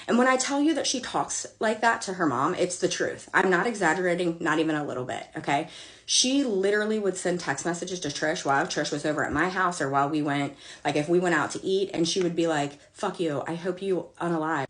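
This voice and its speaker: A woman in her thirties tells a long personal story in a casual, blunt way. She swears freely and drops sassy, exasperated asides as she goes. Her voice sits a little on the low side. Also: fairly quick, a bit bright. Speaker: storyteller vlogger.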